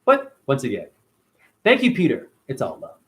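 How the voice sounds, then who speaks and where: A man's voice: mid-range voice, wildly swooping pitch, normal speed, a bit bright. A man hosting a casual livestream, talking animatedly and profanely and answering viewers by name. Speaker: livestream host reading chat.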